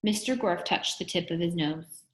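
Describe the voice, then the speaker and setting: A woman reading a children's chapter book aloud in an expressive, steady storytelling manner. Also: fairly low pitch, normal speed. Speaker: reader. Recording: roomy echo.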